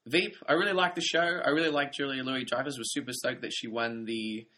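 A young man co-hosting a TV review podcast, easygoing and quick to laugh. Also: mid-range voice, steady tone, pushed and bright. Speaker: podcast co-host. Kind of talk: casual TV review chat.

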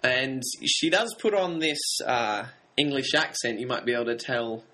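A man's voice: mid-range voice, animated, normal speed, sharp tone, poor audio. A man co-hosting a film podcast, giving his opinions in a hesitant, thoughtful way with frequent fillers. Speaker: podcast co-host. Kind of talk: casual film review chat.

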